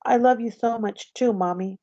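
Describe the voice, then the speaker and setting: A woman voicing a gentle, sad young boy who talks softly and in a hush. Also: on the high side, moderate pace, creaky, dry recording. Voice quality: soft, hushed. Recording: slightly dull, dry recording.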